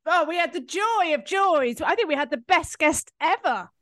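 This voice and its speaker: A woman's voice: very high voice, expressive, normal speed, a bit bright, dry recording, studio quality. A woman and comedian co-hosting a podcast, chatting casually with playful, teasing banter.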